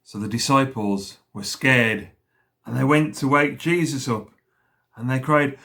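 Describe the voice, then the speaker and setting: A man leading school worship, slowly retelling a story for children and pausing to ask them questions. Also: medium pitch, expressive, sharp tone.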